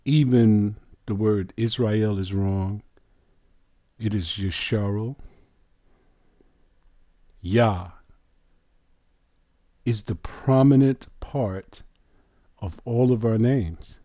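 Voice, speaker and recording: Male preacher, slow deliberate bible teaching, dark mellow tone, leans on key words. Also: lowish voice, no room sound, studio quality. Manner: deliberate, emphatic, drawn-out words. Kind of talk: sermon-style Bible teaching.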